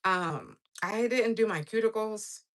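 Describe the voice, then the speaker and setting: A woman's voice: mid-range voice, a little slow. A woman hosting a casual livestream, rambling with lots of fillers while she does her nails and chats with viewers. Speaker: livestream host.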